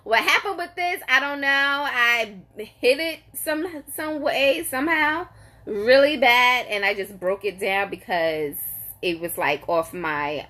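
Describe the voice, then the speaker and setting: Woman in her forties, animated live-chat storyteller, fairly high and crisp voice, emphatic and exasperated. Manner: emphatic, exasperated, repeats herself for effect. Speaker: vlogger greeting live viewers.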